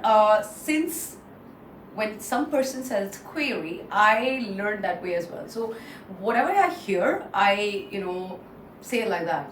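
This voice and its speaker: Indian woman teaching pronunciation, echoey room. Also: mid-range voice. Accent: Indian English. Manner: repeats words slowly, mixes in Hindi phrases. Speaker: English pronunciation trainer. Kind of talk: casual online pronunciation lesson. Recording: echoey room, distant mic, faint noise.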